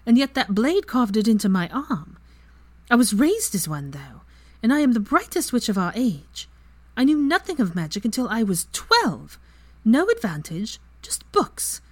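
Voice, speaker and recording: A woman voicing a fierce, clever young witch in a fan story reading, pitched higher and louder than her narration. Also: sing-song, a little fast.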